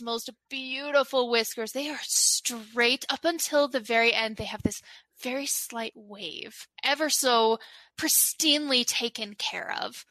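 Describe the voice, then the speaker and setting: Bright-voiced woman game master. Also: a little high, dry recording. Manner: chatty, descriptive, with filler words. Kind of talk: narrating a tabletop game.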